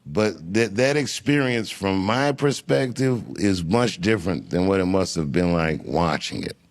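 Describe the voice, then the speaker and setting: A man who is a comedian, telling a long story in an interview in an unhurried, musing way with frequent restarts. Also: low voice, expressive. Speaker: comedian guest.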